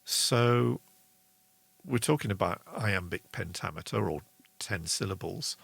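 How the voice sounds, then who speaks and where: A man's voice: lowish voice, expressive, unhurried, creaky, a bit bright, breathy edge, no room sound. A man hosting a casual songwriting lesson, chatty, reading out viewer comments. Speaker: songwriting show host.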